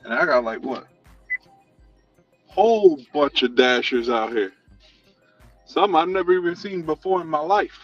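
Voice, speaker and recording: A man who also drives deliveries, chatting casually in relaxed, boastful banter. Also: on the high side, measured pace, pauses often, dry recording, highs cut off, soft background music. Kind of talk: casual chat.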